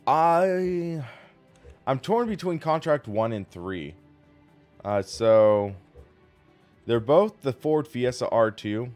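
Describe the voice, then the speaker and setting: A man's voice: medium pitch, lively intonation, slow, long pauses, a little mellow. A man hosts a live sim racing stream and chats casually while he plays. He rambles and thanks viewers along the way. Faint music plays behind him.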